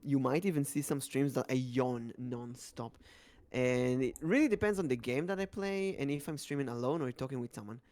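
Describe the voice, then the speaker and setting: A man co-hosting a podcast, chatting casually about streaming in a lively, slightly halting way. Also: medium pitch.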